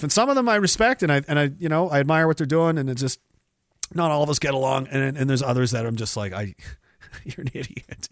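A man hosting a livestream rants profanely and rambles, sarcastically mocking people in high, put-on imitation voices. His tone is fairly bright, and the sound is clean studio audio with no echo.

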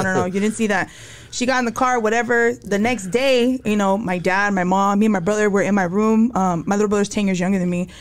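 A young adult woman telling her life story as a podcast guest, candid and slangy, acting out quotes. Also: medium pitch. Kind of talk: casual storytelling interview.

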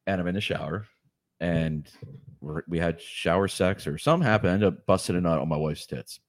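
A man's voice: sits low, brisk, no echo, clean studio sound. A man in his forties telling crude, rambling stories as a podcast host, swearing constantly and laughing often. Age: 40s. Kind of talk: crude casual storytelling.

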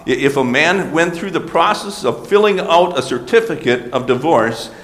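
A man's voice: mid-range voice, a bit bright. Man, pastor mid-sermon, earnest teaching tone with stumbles, roomy church echo. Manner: earnest, explanatory, with small restarts. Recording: roomy hall with long reverb.

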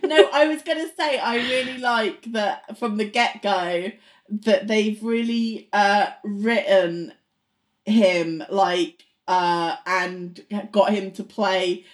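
A woman co-hosting a casual podcast, giving her views in halting speech while she searches for words. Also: mid-range voice. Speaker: podcast co-host. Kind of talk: casual chat.

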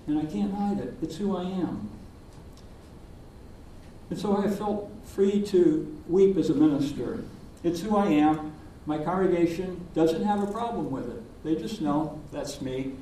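An older man, a minister, giving a sermon in a gentle, reflective storytelling manner with pauses. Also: high-pitched, a little hiss or hum. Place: church sanctuary. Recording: distant voice in an echoey sanctuary.

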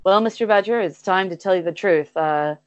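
A man's voice: sits high, brisk, clean tone, no echo, dull audio, lightly acted. A woman voicing a frantic lost male tramp who shrieks at people, in a comedy improv game. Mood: calm. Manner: shrieking, wild-eyed.

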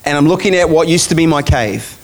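A man's voice: fairly high pitch, lively intonation, quick pace. A man preaching a sermon, telling a vision story in a casual, chatty way and laughing along.

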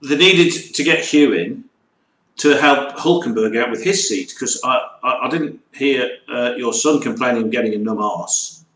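A man's voice: medium pitch, normal speed. A man chatting casually as a co-host, joking around and breaking into impressions. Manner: jokey, animated, full of impressions. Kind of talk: casual chat. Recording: echoey room with background noise.

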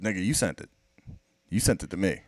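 Low-voiced male co-host, dry close sound, swears freely and argues hard. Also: animated, brisk, no room sound. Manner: profane, emphatic, argumentative; teasing, rhetorical questions. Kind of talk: casual chat.

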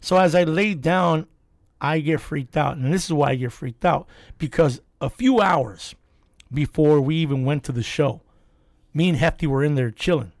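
A man's voice: on the high side, moderate pace, no echo. A man hosting a casual podcast, telling a story with lots of swearing and acted-out quotes. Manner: animated, acts out quotes, swears freely.

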